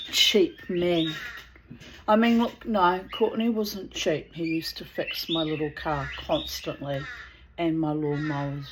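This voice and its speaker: A woman tells personal stories in a loose, chatty way, drifting off into asides. Her voice sits low and stays animated throughout. A faint noise hums behind her. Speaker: author. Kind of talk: casual storytelling with asides.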